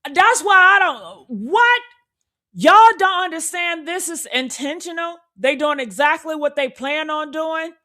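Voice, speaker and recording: A woman hosting a casual commentary video, talking straight to her viewers in an outspoken, animated rant. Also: extremely high pitch, measured pace. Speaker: commentary host.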